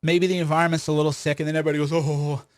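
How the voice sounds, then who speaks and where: Combative man with a slightly high voice. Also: little pitch movement, rapid-fire, crowd noise, noisy background. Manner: combative, rhetorical questions, frequent restarts. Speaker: commentator and host of his own stream. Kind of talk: livestream commentary monologue.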